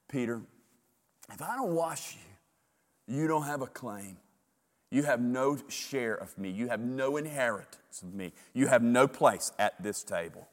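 A preacher voicing a gentle, tender teacher. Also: male voice, mid-range voice, expressive, unhurried, big-room sound, close to an everyday voice. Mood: solemn. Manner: soft, reassuring.

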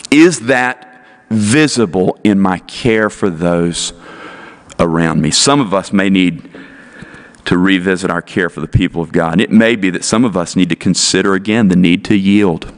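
Deep-voiced man preaching earnestly. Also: normal speed. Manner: earnest, emphatic preaching with repeated rhetorical questions. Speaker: pastor. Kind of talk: sermon.

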